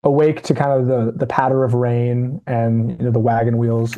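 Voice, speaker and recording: A man acting as game master who narrates a tabletop role-playing game in a relaxed way, with fillers. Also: mid-range voice, normal speed, lo-fi sound.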